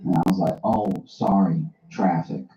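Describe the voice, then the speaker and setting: Man, very deep voice, deadpan comic storytelling, roomy dull-sounding recording. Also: moderate pace. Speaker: host.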